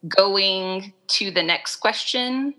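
Bright, earnest woman explaining. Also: medium pitch, drawn-out words, rough recording. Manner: earnest, explanatory, filler-heavy with "like" and "um". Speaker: guest expert on restorative practice. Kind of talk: conversational podcast interview.

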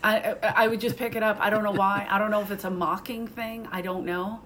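A woman comedian, telling stories in casual chat, brash and profane, laughing often and dropping into quick impressions. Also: mid-range voice, flat delivery, fairly bright tone, a little hiss or hum. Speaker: comedian guest.

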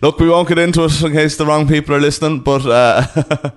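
A man in his thirties with an Irish accent, co-hosting a casual podcast chat, a lively storyteller who laughs often and wanders off point. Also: on the high side, a little fast. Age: 30s. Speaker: podcast co-host.

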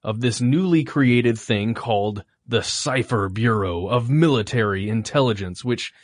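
Man co-hosting a podcast, relaxed. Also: medium pitch, unhurried, no echo, studio quality. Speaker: podcast co-host. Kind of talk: casual podcast chat.

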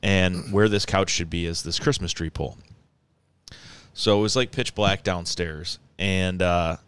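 A man casually telling a long, rambling story in conversation, animated and often breaking into laughter. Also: low-pitched, unhurried, clear, resonant tone.

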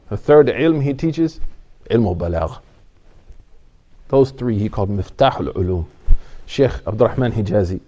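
Warm in tone and medium in pitch, this man lectures casually on religious studies, cracking jokes and chatting, then sometimes building to forceful exhortation.

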